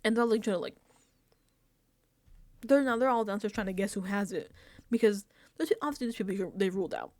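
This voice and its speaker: A woman's voice: mid-range voice, fairly quick, pauses often, darkish tone, no echo. A woman casually recapping a reality show episode, chatty and laughing often, sometimes dropping into whispered asides. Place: indoors, home setup.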